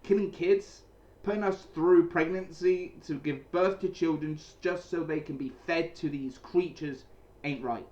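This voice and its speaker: A man's voice: on the high side, unhurried, darkish tone, dull audio. A man casually recapping and reviewing a comic chapter, rambling with many restarts and repeated phrases, speaking from a small room at home. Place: small cold room indoors with a heater running.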